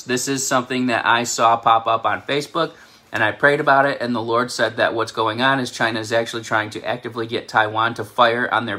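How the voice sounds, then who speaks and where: A man's voice: medium pitch, sharp tone. A man with a New York accent giving a casual, rambling prophecy update, often laughing at himself. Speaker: self-described prophetic channel host.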